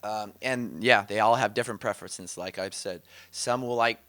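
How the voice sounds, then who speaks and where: A man teaching about inner healing in a casual, conversational way, telling animated stories and laughing often. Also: on the low side, normal speed. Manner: animated storytelling, quotes others, laughs often.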